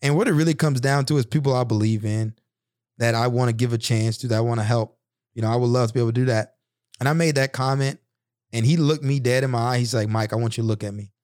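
A man's voice: mid-range voice, fairly even intonation, quick pace, a little mellow, no room sound, studio quality. A man in his thirties telling personal stories in an earnest, reflective, conversational monologue. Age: 30s. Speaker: podcast host.

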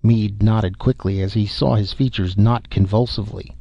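Gravelly male audiobook narrator. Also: lowish voice, steady tone, normal speed, no echo. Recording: dull, dry close-mic audio.

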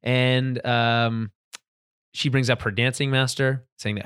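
A man's voice: mid-range voice, fairly even intonation, takes it slowly, a bit bright, clean tone, no room sound, studio quality. A man co-hosting a podcast, chatting casually about a TV episode, laughing often and restarting sentences. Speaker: podcast co-host. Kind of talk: casual chat recapping a TV episode.

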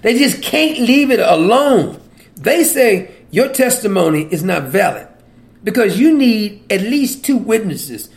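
A man giving an informal Bible teaching, animated and folksy, laughing often between verses. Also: high-pitched, measured pace, creaky.

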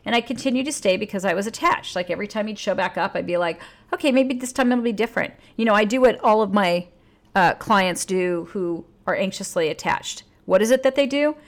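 A woman's voice: mid-range voice, a little fast. Blunt, outspoken woman relationship coach. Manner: candid and blunt, swears freely. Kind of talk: casual advice monologue.

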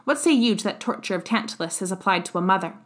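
A woman reads a bitter old revolutionary on his deathbed, fierce in argument. The delivery stays even and measured, at a medium pitch, like an audiobook passage. There is little put-on voice. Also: lightly acted. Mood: indignant. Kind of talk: audiobook character reading.

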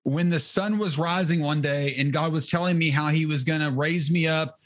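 A man's voice: a little high, fairly even intonation, normal speed, fairly bright tone. A middle-aged man giving an earnest, fervent testimony in an interview, often restarting his sentences. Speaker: interview guest, ministry leader. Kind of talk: testimony in conversation.

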